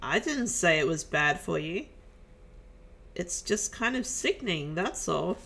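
A woman's voice: fairly low pitch, very animated, measured pace, vocal fry, a bit bright, full character voice. A woman reading the lines of a blunt spaceship crew member who complains crudely about the food. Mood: needling.

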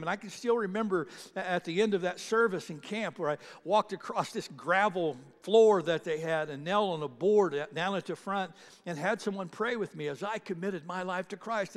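A man preaching a sermon as pastor, telling stories and retelling other people's words, with frequent restarts. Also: sits high. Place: church sanctuary. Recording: reverberant church hall.

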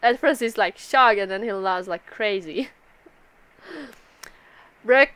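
A woman's voice: medium pitch, takes it slowly, fairly bright tone, smooth, dry recording. A woman casually reacting to a manga chapter live, giggling often and swearing freely as she reads aloud. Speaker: anime reaction video host.

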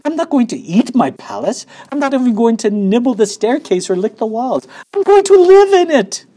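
A man voicing a spoiled, boastful prince in a storybook reading, shouting loudly. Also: very high voice, big pitch swings, normal speed, pitched above the performer's own voice, full character voice. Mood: indignant. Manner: loud, indignant shouting. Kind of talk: storybook read-aloud.

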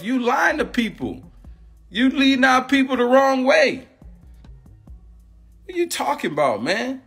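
Agitated man ranting, high bright voice. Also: very animated, a little slow, creaky, pauses often, slightly rough, soft background music. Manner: agitated, repetitive, confrontational. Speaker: former football player and coach. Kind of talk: heated rant on a live stream.

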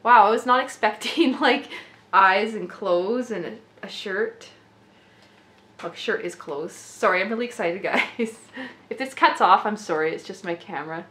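Excitable woman gushing in an echoey room. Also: medium pitch, a little slow. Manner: gushing, excitable, laughs often. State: slightly rough throat. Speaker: doll collector vlogger. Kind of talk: casual unboxing vlog. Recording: echoey room with faint noise.

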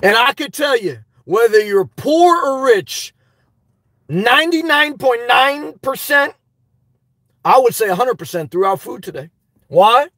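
A man hosting a live stream, reading chat and telling a story in a loud, animated way, swearing often. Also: very high-pitched, measured pace, no echo. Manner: animated, loud, swears a lot, repeats himself. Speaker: livestream host reading chat. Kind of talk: casual livestream rant.

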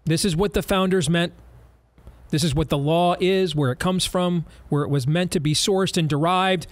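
Talk-show host, male, high voice, emphatic and sarcastic. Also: steady tone. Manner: emphatic, rapid-fire, sarcastic riffs.

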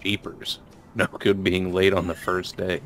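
A man's voice: low voice, little pitch movement, measured pace, a bit bright, soft background music. A man voicing a kind, mild young male pigeon schoolboy in a visual novel. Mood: friendly.

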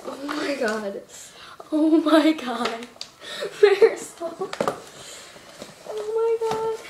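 A woman's voice: high voice, noisy background. A female vlogger doing an unboxing video at home, gushing and overexcited, laughing and tearful as she talks. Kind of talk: unboxing vlog. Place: indoors at home. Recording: echoey room.

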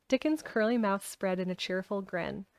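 A woman reads a children's novel aloud at an even pace and with plenty of expression. Her voice sits in the middle register. The recording is dry, with no room echo. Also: medium pitch, normal speed, clean tone. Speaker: audiobook reader. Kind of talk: storybook reading.

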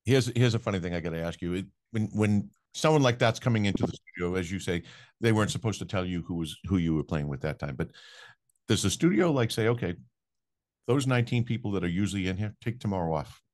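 A male co-host with a very deep voice who talks quickly, rattling off a long, winding question to the guest. His delivery is casual and conversational. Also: a little mellow. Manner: rapid, rambling question. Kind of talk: conversational interviewing.

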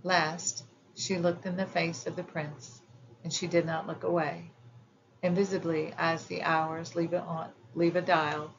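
A woman narrating a children's fairy tale audiobook in a measured, gentle storytelling manner. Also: on the low side, little pitch movement, muffled recording, background noise.

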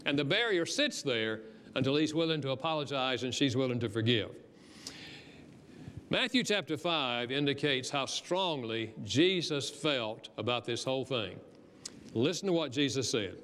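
Guy preaching a sermon, bright tense voice, earnest chatty delivery, big echoey church sound. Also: medium pitch, very animated, moderate pace. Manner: earnest, conversational preaching that rises for emphasis. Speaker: guest preacher and author. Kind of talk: sermon with storytelling. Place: church sanctuary. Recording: long reverb of a church hall.

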